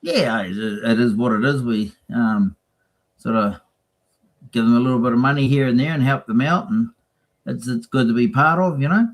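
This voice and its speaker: A man's voice: medium pitch, normal speed, poor audio. A man, a racing team guest, chatting casually and acting out quotes in his stories. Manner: chatty storyteller, acts out quotes. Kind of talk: casual chat.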